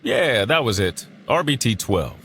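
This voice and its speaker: A man's voice: mid-range voice, big pitch swings, measured pace, a bit bright, slight background noise. An actor playing a casual, dismissive male agent who shrugs things off. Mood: breezy. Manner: offhand, shrugging. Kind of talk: audio drama acting.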